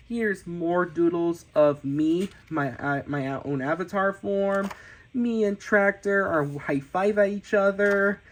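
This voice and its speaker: A man, an amateur cartoonist, narrating a casual tour of his sketchbook with excited gasps and cheers, often restarting his sentences. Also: high-pitched, poor audio.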